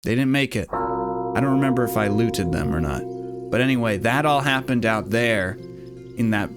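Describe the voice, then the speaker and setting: A man's voice: mid-range voice, expressive, normal speed. A man giving joking, rambling let's-play commentary on a fantasy video game. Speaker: gaming video host. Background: game music.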